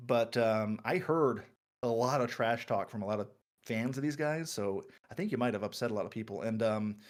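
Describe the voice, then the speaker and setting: A man's voice: mid-range voice, moderate pace, close to an everyday voice. A man voicing a friendly, easygoing young male traveler who talks in a chatty way.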